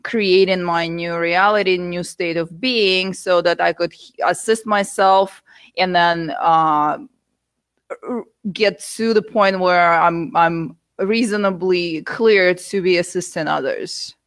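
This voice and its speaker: A woman from the United States, a guest telling her story candidly with animated asides. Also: lowish voice, takes it slowly, smooth, no room sound. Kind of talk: interview conversation.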